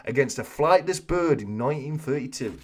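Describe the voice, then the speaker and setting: Guy running a live stream chat, very animated pitch, laughs a lot, mid voice. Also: a little fast, a little hiss or hum. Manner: jokey, laughs often, reads out viewer answers. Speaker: host of a live coin-collecting chat stream.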